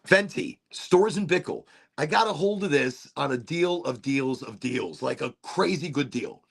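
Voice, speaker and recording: A man's voice: mid-range voice, lively intonation, normal speed, creaky, slightly rough. A middle-aged man casually demonstrating a vaporizer on a livestream, playful and prone to silly asides.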